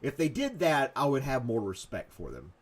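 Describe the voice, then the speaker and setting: Rambling, jokey morning show host. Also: male voice, mid-range voice, wildly swooping pitch, normal speed. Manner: rambling, self-mocking, jokey asides; talks to a pestering dog and to chat viewers. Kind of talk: casual live chat.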